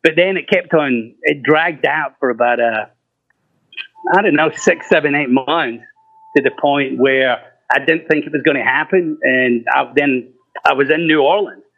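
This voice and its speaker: A middle-aged man who sings rock tells casual stories at normal speed in a fairly high voice with vocal fry. He swears freely, laughs, and acts out the voices of those he quotes, on a muffled, lo-fi, dry recording with no echo.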